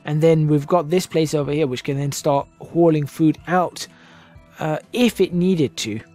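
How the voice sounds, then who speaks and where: A man's voice: on the high side, a little slow, mellow, soft background music. Musing man narrating gameplay. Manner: thinking aloud, musing and self-correcting. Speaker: gaming channel host. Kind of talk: casual gameplay commentary. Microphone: desk microphone, voice drifting in and out.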